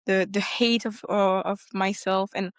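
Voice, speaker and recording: A woman speaks as a podcast guest, her voice smooth and resonant and set at an ordinary middle pitch. She recounts her story earnestly and livens up when she retells conversations. The sound is dry and close, with no room around it. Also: fairly even intonation, a little slow, no echo. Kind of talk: personal testimony in a conversation.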